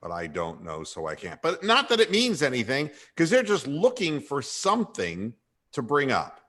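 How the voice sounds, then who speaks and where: A man's voice: medium pitch, wildly swooping pitch, normal speed, fairly bright tone. A man hosting a comedic sports talk radio show, sardonic and irreverent, with frequent sighs.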